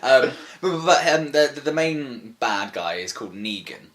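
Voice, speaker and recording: Bright-voiced rambling man. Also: mid-range voice, expressive. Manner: rambling, halting, lots of fillers and restarts. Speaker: podcast co-host. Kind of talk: casual chat.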